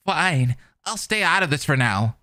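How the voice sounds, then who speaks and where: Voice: medium pitch, expressive, unhurried, pushed and bright. Someone doing a smug, callous boy. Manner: smug, mocking.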